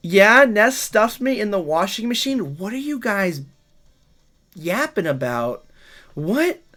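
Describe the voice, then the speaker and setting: A man about thirty, live-streaming a game and bantering with his chat. His voice jumps up and down with lively swings in pitch as he jokes, teases and protests. The talk is loose and playful throughout. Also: measured pace. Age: 30s. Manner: playful, teasing, reads and answers chat aloud. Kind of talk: casual livestream chat while gaming.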